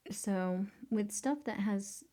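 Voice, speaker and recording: Speaking slowly in a warm, medium-pitched voice, a woman shows viewers how she edits photos in an informal screen recording. She tends to whisper as she concentrates, and she's quick to laugh at her own errors.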